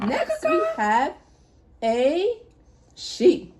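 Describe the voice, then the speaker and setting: Lady doing a kids lesson, slow and sing-songy, pitch jumps around a lot. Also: very animated. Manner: slow, sing-song, playful. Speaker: children's video host. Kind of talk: preschool teaching. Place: homestead.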